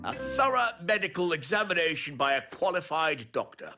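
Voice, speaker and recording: A man's voice: fairly high pitch, big pitch swings, moderate pace, over music. An actor playing a grumpy male elf king with a cold, complaining in a stuffed-up voice.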